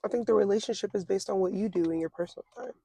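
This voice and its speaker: A young woman in her twenties, an interview guest speaking casually and reflectively, pausing often with fillers and restarts. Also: mid-range voice, dark tone, husky, dry recording. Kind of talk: casual conversation.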